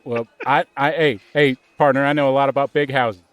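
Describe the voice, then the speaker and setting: A man's voice: fairly even intonation, brisk, smooth, no room sound, close to an everyday voice. A man playing a lazy, bumbling police officer who rambles and stammers in an improv comedy scene. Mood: flustered. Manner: rambling, stammering, jumping up in pitch.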